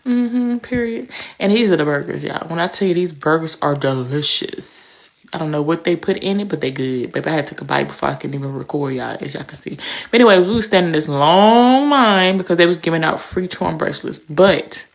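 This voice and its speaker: A woman's voice: low-pitched, lively intonation, brisk, vocal fry. A middle-aged woman chatting casually through a vlog voice-over, drawn out and rambling, dropping "y'all" and "anyways" often. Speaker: vlogger.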